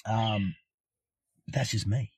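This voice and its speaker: A husky Australian man spins a loose, swearing-laden yarn for a podcast. His voice is slightly raspy and the recording is dry and close, with no room sound. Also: fairly low pitch, fairly even intonation, slow, darkish tone, no room sound. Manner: profane, rambling, laid-back. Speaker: podcast guest. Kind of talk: casual storytelling.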